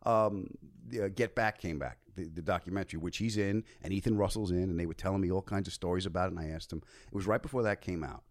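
A man telling stories as a podcast guest, excitable and bursting into loud shouts as he relives moments. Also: low voice, fast, hardly any pauses. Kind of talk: casual storytelling chat.

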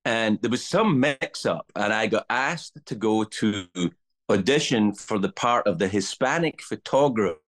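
A middle-aged man with a Scottish accent tells stories in relaxed podcast chat. He swears freely and acts out other people's lines. His pitch swings widely, keeping the telling lively. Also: unhurried. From Scotland. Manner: animated, swearing storyteller acting out voices. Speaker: guest comedian. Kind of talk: casual podcast storytelling.

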